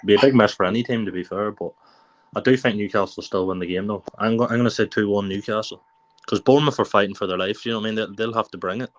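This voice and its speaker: A man on a fan panel, talking through his football predictions in a measured way. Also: lowish voice. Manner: measured, reasoning things through with fillers. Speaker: panel guest. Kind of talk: casual chat. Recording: dull lo-fi call audio.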